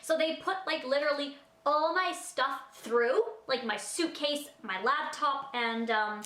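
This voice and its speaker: Chatty high-voiced woman telling a story. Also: measured pace. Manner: chatty, rambling, full of "like" fillers; animated, acts out her own reactions. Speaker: vlogger. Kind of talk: storytime vlog. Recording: echoey room.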